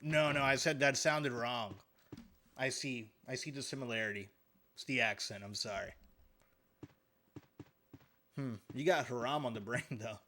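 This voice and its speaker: A man's voice: medium pitch, normal speed, long pauses, bright, forceful tone. A man giving live gameplay commentary as a streamer, joking and chatting with his viewers while he plays.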